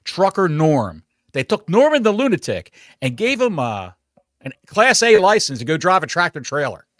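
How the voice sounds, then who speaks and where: A man co-hosts a wrestling podcast in an excitable, joking way. His voice sits at a middling pitch but swings lively up and down. The recording is dry and close. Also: moderate pace, no echo. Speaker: podcast co-host. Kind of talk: casual chat.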